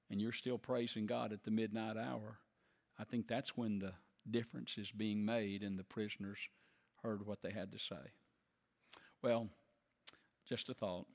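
Man, pastor, emphatic sermon delivery, long reverb of a big hall. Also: fairly low pitch. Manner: emphatic, slows down for stress.

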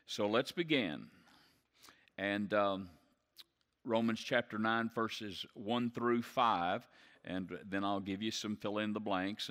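A man's voice: fairly low pitch, fairly bright tone, big-room sound. A man preaching a sermon in earnest, repeating key phrases for emphasis as he teaches. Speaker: pastor.

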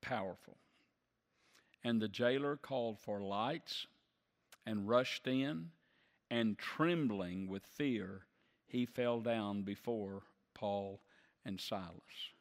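A male pastor delivering a sermon, emphatic and slowing down to stress key words. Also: on the low side. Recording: long reverb of a large hall.

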